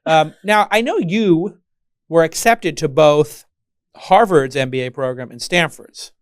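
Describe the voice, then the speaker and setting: A man's voice: a little high, measured pace, dry recording, studio quality. A man hosting an interview podcast, teasing his guest and joking around in a casual chat. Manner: teasing, jokey, acts out mock voices of others. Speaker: podcast host.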